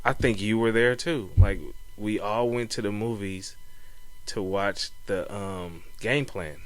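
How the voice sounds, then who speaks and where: A man's voice: on the low side, unhurried. A young man co-hosting a podcast, telling stories in a laid-back, slangy way and often saying "man" and "you know what I'm saying.". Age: young adult. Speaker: podcast co-host. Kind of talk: casual chat.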